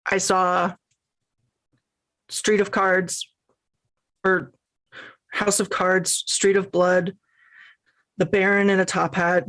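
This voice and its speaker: Homem fazendo uma voz aguda de visionário. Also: male voice, high voice, little pitch movement, slow, long pauses, fairly bright tone, voice pushed up, exaggerated voice. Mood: eerie.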